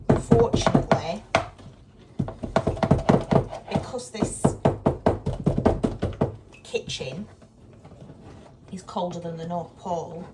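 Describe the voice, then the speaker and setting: A woman chatting casually in her kitchen while she cooks, exasperated and down to earth. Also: fairly low pitch. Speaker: vlogger. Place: cold home kitchen. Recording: distant mic, loud kitchen noise. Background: clattering dishes and pans.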